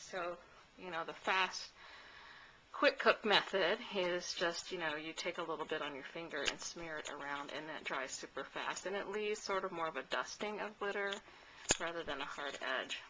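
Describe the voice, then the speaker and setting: A woman giving a casual craft tutorial, chatty and relaxed, with many pauses and fillers as she works. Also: on the low side, noisy background. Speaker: crafter demonstrating a mini album.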